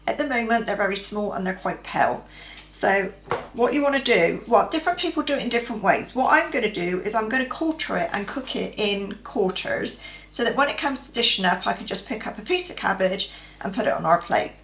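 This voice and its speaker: A woman's voice: medium pitch, lively intonation, a little fast, fairly bright tone, a little hiss or hum. Chatty woman cooking in an echoey kitchen. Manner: chatty, practical, step-by-step instructions. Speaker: cooking vlogger. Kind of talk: casual cooking demonstration. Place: home kitchen.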